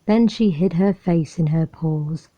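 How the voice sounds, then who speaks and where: A woman reading a children's storybook aloud in a calm, measured and friendly way. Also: fairly low pitch. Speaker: storybook reader. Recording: muffled lo-fi recording.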